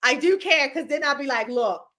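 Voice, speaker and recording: A woman's voice: high-pitched, expressive, normal speed, over a noisy crowd. A woman co-hosting a podcast in casual chat, blunt and teasing, laughing often. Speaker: podcast co-host.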